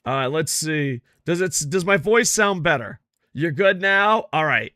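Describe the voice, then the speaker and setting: A man's voice: a little high, lively intonation, unhurried, sharp tone, dry recording, clean studio sound. A man streaming a football game, chatting casually with lots of swearing and grumbling about his stream tech. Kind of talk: casual gameplay chat.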